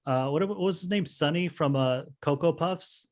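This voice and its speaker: A man's voice: a little high, normal speed. A man co-hosting a podcast, easygoing and agreeable in casual chat, often laughing. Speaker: podcast co-host.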